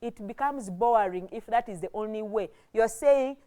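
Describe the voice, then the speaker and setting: A woman's voice: fairly high pitch, mellow. A woman teaches a lesson. She explains step by step, restarts her phrases and keeps checking in with her students. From Uganda. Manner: slow, repetitive explaining, with frequent restarts and "okay?" checks. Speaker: English teacher. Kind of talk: televised classroom lesson.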